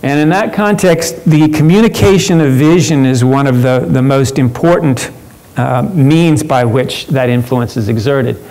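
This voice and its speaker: A man's voice: mid-range voice, a little slow, a little mellow, low-quality recording. A man presenting a workshop at a professional conference, talking conversationally with frequent fillers and restarts.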